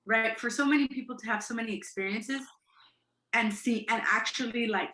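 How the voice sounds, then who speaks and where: A woman chatting casually in a group, animated and sometimes searching for words. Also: on the high side, normal speed, reverberant, a little hiss or hum, low-quality recording. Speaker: guest in a group discussion. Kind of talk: casual chat.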